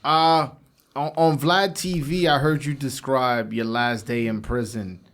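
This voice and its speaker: A man hosting a podcast, asking questions with some halting repeats. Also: medium pitch, fairly even intonation, fairly bright tone. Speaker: podcast host. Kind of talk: interview questions.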